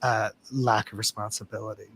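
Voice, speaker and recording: A man as a guest in a casual livestream chat, talking in a halting, reflective way with many restarts. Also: on the low side, little pitch movement, a bit bright, slight background noise.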